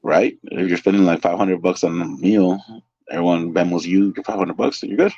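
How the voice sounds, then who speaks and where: A man's voice: low-pitched, a little fast, slightly rough, dull audio. A man from the San Francisco Bay Area, a waiter and interview guest, telling casual stories in a loose, chatty way full of fillers and restarts, often laughing. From California, San Francisco Bay Area. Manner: excitable, laughs through stories. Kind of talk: casual storytelling.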